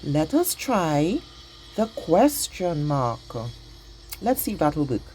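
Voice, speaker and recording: A woman teaching a patient, exaggerated grammar lesson to young children, speaking slowly and clearly. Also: sits low, big pitch swings, a little mellow, slight background noise.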